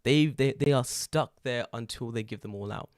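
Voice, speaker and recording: In clean studio sound with no room echo, this English podcast co-host speaks at a moderate pace in a medium pitch. He tells animated stories in casual conversation, cursing freely and laughing frequently.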